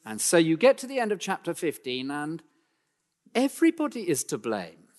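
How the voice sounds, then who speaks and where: A man's voice: wildly swooping pitch, normal speed. Male preacher in a reverberant hall. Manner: emphatic, builds in pitch and volume then drops low and quiet; dry self-deprecating asides. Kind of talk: sermon.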